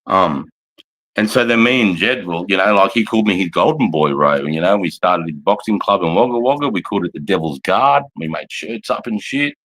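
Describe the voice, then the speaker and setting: A man's voice: deep voice, brisk, a bit bright. An Australian man, an army veteran, telling blunt, profane, rambling stories casually on a livestream.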